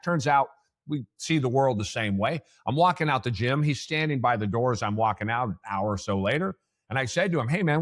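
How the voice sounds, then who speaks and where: Man, forties, american, podcast host, rambling storyteller, mid-pitched voice. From United States. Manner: rambling, many restarts and asides. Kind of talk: conversational interview.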